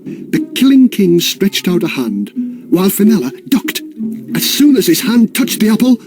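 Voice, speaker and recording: Male storyteller, playful and sing-song, high and lively. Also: moderate pace. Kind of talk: scripted narration for children.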